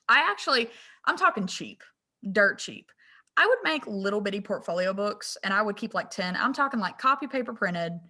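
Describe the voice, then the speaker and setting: A woman's voice: medium pitch, pushed and bright. A young woman, chatting candidly as a guest designer and laughing at herself. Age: young adult. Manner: candid, self-deprecating, quick to laugh at herself. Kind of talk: casual interview chat.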